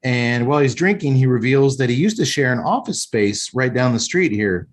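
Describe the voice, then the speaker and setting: A man's voice: medium pitch, normal speed, slight background noise. A man hosting a podcast, enthusiastically recapping a film scene by scene and giving his opinions. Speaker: podcast host. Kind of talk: casual film recap and review chat.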